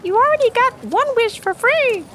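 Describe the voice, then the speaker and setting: A woman voicing a tiny, cheeky female fairy living in a mirror, with a high-pitched, musical voice. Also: animated, normal speed, a bit bright, slight background noise. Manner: playful, bossy.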